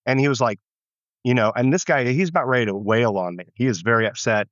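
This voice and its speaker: A man's voice: medium pitch, quick pace, a bit bright, dry recording. A man from the United States, a pastor, telling his story in an interview in an earnest, reflective way with frequent restarts. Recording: dull muffled lo-fi sound.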